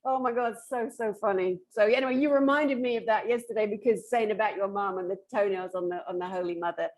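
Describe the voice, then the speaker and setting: A woman's voice: mid-range voice, fast, a little mellow. A woman hosting a casual interview over a video call, effusive and enthusiastic. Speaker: host.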